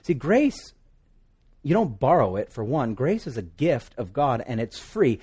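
A man from Hawaii with a Hawaiian accent, preaching a sermon with jokes and swings between loud and soft. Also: a little slow, breathy edge. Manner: animated, joking asides, pitch and volume swing widely. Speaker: pastor.

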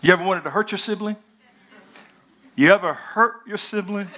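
A male pastor preaching a sermon, retelling a story in a conversational, animated way. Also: sits high, moderate pace, pauses often.

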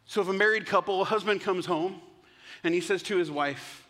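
A male pastor preaches in a conversational way and checks in with his listeners through frequent questions. His voice is bright and a touch high, and it carries with a long reverb in a church sanctuary. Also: fairly quick. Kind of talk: sermon.

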